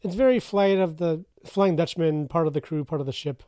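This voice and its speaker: A woman's voice: low voice, a little fast, warm tone, no room sound. A woman co-hosting a podcast, chatting about a movie with dry, wry humor and casual swearing. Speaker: podcast co-host.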